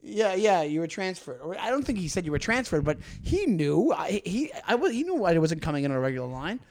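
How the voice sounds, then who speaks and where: Brief: podcast co-host, a man with a high voice, animated comic storyteller who acts out the lines. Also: fast talker.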